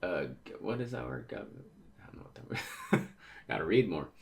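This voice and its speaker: A man's voice: on the low side, lively intonation, brisk, gravelly, a little mellow. A man casually reading a manga chapter aloud and reacting, often stumbling over words as he goes. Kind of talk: casual manga read-through with commentary.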